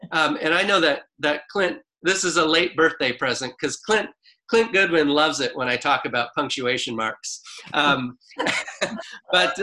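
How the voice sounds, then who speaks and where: A man preaching a sermon in a relaxed, conversational way, reading scripture slowly and deliberately. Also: a little high, low-quality recording. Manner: unhurried, conversational preaching with a few restarts. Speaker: pastor.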